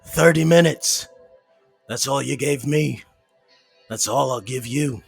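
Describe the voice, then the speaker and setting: A man voicing a menacing male henchman in a would-be Irish villain accent, delivered loud and theatrical. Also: medium pitch, takes it slowly, gravelly, husky, faint music behind, heavily acted.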